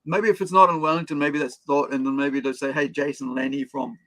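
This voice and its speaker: A man hosts a casual live stream, rambling through his thoughts with plenty of fillers. His voice sits on the higher side and has a gravelly, creaky texture. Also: animated, a little fast, fairly bright tone. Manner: rambling, with many fillers and restarts. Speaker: stream host.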